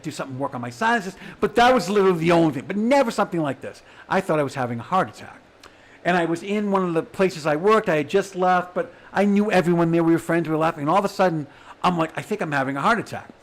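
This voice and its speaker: A man telling a raw personal story straight to his audience, swinging between quiet stretches and shouting as he voices the people around him. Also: a little high. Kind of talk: emotional personal monologue.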